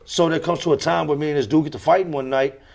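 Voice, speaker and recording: A man's voice: fairly high pitch, steady tone, quick pace, creaky, a little mellow. Emphatic man telling his story. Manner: emphatic, repeats key phrases, swears freely. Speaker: podcast guest. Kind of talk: candid interview storytelling.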